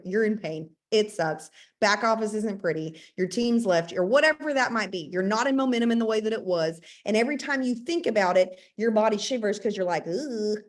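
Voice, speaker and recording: A woman in her thirties giving a motivational talk about business habits, emphatic and repetitive with playful asides. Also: medium pitch. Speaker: network marketing team leader.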